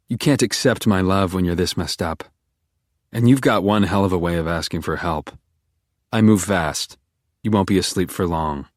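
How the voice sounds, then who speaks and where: A man narrating a first-person psychological thriller audiobook in a calm, controlled, menacing manner. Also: deep voice, no room sound, studio quality.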